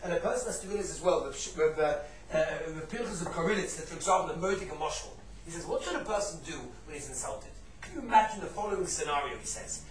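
A man giving a Torah class, telling stories in an animated way, sprinkling in Yiddish and Hebrew terms and bursting into loud emphasis. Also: on the high side, fast, few pauses, crowd noise. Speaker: Torah teacher. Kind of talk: lively storytelling Torah class. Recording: roomy echo, distant mic.

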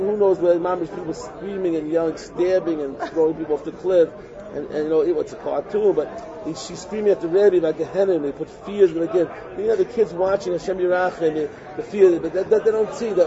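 A man giving an informal Torah talk, animated and repetitive, often acting out what other people say. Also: high voice, fairly quick. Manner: animated, repetitive, acts out quotes. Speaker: religious teacher. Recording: muffled recording with crowd noise.

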